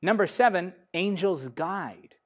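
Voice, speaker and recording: A man preaching a sermon, reading scripture emphatically and swinging between loud declarations and softer lines. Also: high voice, expressive, slow pace. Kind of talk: sermon teaching.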